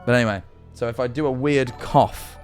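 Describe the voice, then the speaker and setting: A man's voice: medium pitch, faint music behind. Rambling, sweary male streamer. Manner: rambling, sweary, jumpy and quick to laugh. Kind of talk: casual livestream chat.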